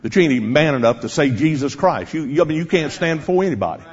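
A man's voice: a little high, animated, very fast, slightly rough. A man preaching a sermon, speaking directly and challengingly to his congregation, on a dull lo-fi recording.

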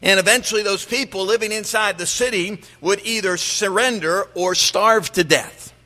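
A man's voice: sits high, normal speed, pushed and bright. A middle-aged man preaching a sermon as pastor, emphatic, rising and dropping his voice to drive home his points. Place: church sanctuary. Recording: long reverb of a large hall.

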